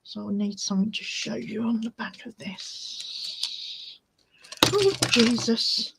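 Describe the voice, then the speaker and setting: A woman's voice: on the high side, slow, creaky, very noisy. A woman hosting a crafting vlog, chatting casually and easily distracted while she shows her resin swatches. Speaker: crafting channel host.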